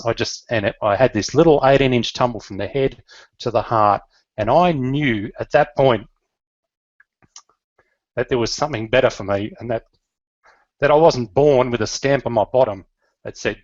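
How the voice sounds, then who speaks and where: A man's voice: mid-range voice, normal speed, pauses often, no echo, highs cut off. A middle-aged Australian man telling his life story in an earnest, emotional way, with fillers and restarts. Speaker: business leader.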